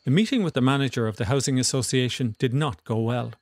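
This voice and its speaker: A man narrating a documentary in a measured, scripted way. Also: medium pitch, a little mellow, no echo.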